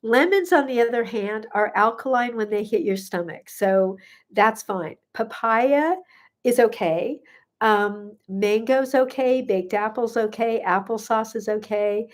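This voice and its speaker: Older female health coach, fairly high voice, loose live-stream Q&A, lots of fillers and laughter. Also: unhurried. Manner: chatty, laughs often, many "um" fillers. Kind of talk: casual live-stream chat answering viewer comments.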